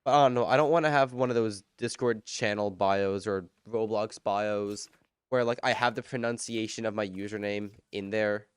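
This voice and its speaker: A man's voice: on the low side, fairly even intonation, moderate pace, smooth, no echo. A man streaming a game live, chatting casually and rambling as he answers viewers' chat while he plays.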